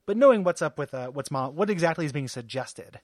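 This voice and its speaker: A man's voice: a little high, lively intonation, fairly quick, no echo, studio quality. Hesitant man co-hosting a chatty podcast. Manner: hesitant, many fillers, laughs easily. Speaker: podcast co-host. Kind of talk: casual chat.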